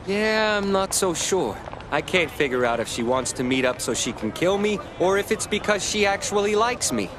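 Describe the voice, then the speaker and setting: A man's voice: high-pitched, sing-song, normal speed. An actor voicing a laid-back young male gangster hitman, in an anime dub clip. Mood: musing. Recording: anime dub clip, city noise behind.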